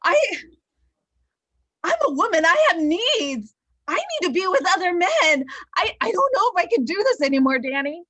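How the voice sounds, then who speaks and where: A woman's voice: very high-pitched, very animated, normal speed, pushed and bright, full character voice. A woman improvising a restless young woman who is blunt and exasperated with her fiancé, on a video call. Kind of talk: improv scene.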